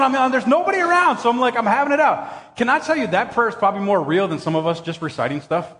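A middle-aged male pastor delivering a sermon with a high-pitched voice. He talks conversationally, tells jokey stories and breaks into loud bursts of shouting. His voice rings with the long reverb of a church hall. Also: expressive, quick pace, hardly any pauses.

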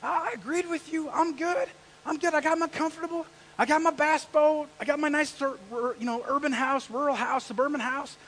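A man voicing an excited, then anxious, middle-aged male Moses, exclaiming and pleading. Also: very high voice, brisk, in a large hall, slight background noise, pitched above the performer's own voice. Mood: anxious protest.

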